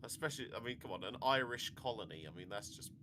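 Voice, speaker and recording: A man's voice: mid-range voice, expressive, fast talker, background noise. A man from the United Kingdom, co-hosting a podcast review in casual, swearing, laughing banter. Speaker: podcast co-host. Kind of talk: casual chat.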